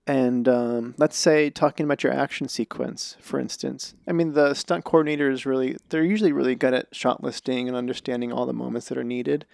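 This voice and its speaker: A man's voice: medium pitch, fairly even intonation, fairly quick, vocal fry, hardly any pauses, darkish tone, no room sound, clean studio sound. A man hosting a podcast, a script supervisor explaining his craft in casual conversation, thoughtful and at length.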